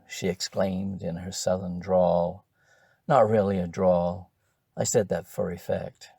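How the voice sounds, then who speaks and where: An older man reading his own memoir aloud in a measured, wry first-person storytelling manner. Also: sits low, flat delivery, vocal fry, dark tone, breathy edge, dry recording, studio quality. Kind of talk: audiobook narration.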